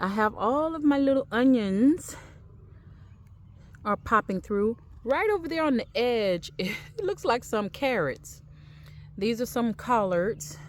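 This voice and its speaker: A woman's voice: mid-range voice, darkish tone. A woman chatting casually while she walks through her backyard garden, speaking in a faith-filled, repetitive way. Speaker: gardening vlogger.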